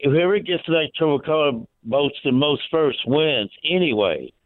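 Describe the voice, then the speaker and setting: A man calling into a radio show, hurried and earnest, reasoning his point out loud over a phone line. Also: on the high side, lively intonation. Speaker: caller. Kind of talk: call-in phone talk.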